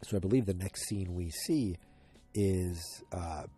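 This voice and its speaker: Sleepy deep-voiced man rambling through a recap. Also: measured pace, warm tone, breathy edge, soft background music. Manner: rambling, chatty, full of asides. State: sleepy, yawning. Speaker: podcast host recapping a TV episode. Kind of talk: casual spoken recap. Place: at home in front of the TV.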